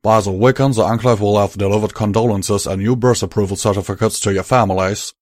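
Man doing a drawling gruff pony gunslinger. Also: fairly low pitch, fairly even intonation, quick pace, a little mellow, no echo, clean studio sound, close to an everyday voice. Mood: firm. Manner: firm, blunt, drawling. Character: gruff male pegasus stallion gunslinger, drawling.

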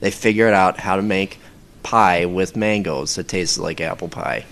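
A man chatting casually as a podcast guest, rambling with many pauses and fillers. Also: low voice, creaky, fairly bright tone. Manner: rambling, hesitant, lots of ums. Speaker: voice actor guest.

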